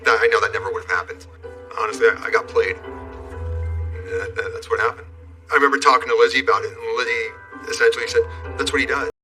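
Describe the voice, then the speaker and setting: A man's voice: mid-range voice, quick pace, long pauses, pushed and bright, recorded from a distance, faint music behind. A man, a former wrestler, candidly recounting events in an interview, with blunt profanity. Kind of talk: interview storytelling.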